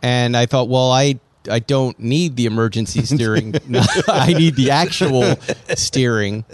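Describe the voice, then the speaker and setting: A man in casual chat, telling a story with lively acted-out quotes. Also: mid-range voice, a little slow, a little hiss or hum. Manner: animated storytelling, acts out quotes. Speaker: podcast host. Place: Los Angeles area.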